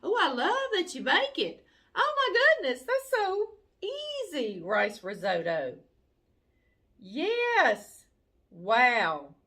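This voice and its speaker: A woman's voice: high voice, wildly swooping pitch, takes it slowly, pushed and bright. A middle-aged woman, hosting a cooking channel and chatting casually as she opens fan mail, gushing and laughing often.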